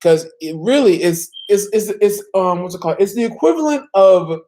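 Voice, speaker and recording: Guest speaker, mid-pitched voice, rambling with restarts, casual chat. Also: lively intonation, moderate pace, dark tone. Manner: rambling, many restarts and fillers.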